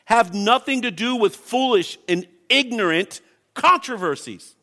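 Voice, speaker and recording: Male pastor, passionate sermon delivery, bright tense tone, a bit higher than most men. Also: expressive, measured pace. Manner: impassioned, emphatic preaching.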